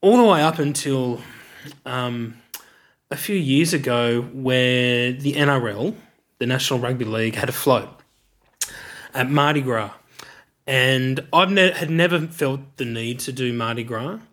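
A man's voice: mid-range voice, measured pace, a bit bright. A middle-aged man with an Australian accent, candidly telling his life story in an interview, reflective and searching for words.

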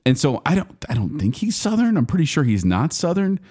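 A man co-hosting a casual podcast, opinionated and animated as he talks about films he dislikes. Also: fairly high pitch, fairly quick, breathy edge. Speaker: podcast co-host. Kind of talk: casual chat. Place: studio with headphones.

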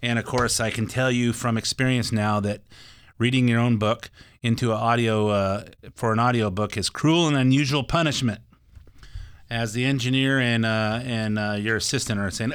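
An older man hosts a talk radio show and talks in a casual, rambling, folksy way, full of filler words. His voice is smooth and resonant and sits at an ordinary pitch. It sounds dry and close to the studio mic. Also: fairly even intonation, moderate pace, a bit bright, dry recording. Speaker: radio show host and mortgage broker.

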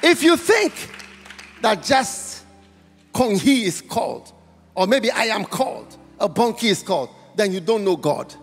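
Male preacher, altar call, repetitive and pleading, long church reverb with soft music behind. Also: high voice, big pitch swings, a little slow, a faint crowd. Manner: repetitive, exhorting, speaks in tongues. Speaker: guest preacher. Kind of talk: impassioned altar-call sermon. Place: large church hall.

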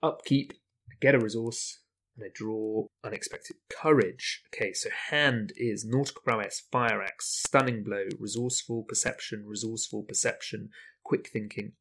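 A man's voice: on the low side, normal speed, a bit bright. A man playing a card game solo, talking through his choices and weighing options aloud as he plays. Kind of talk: thinking-aloud gameplay commentary.

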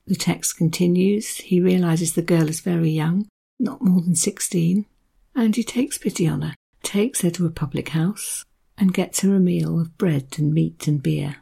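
A woman with a gravelly, husky voice presents a book and reads short passages from it. Her tone is dark and mellow. She explains things in a relaxed, conversational way. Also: on the low side. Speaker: book reviewer. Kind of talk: book review with read extracts.

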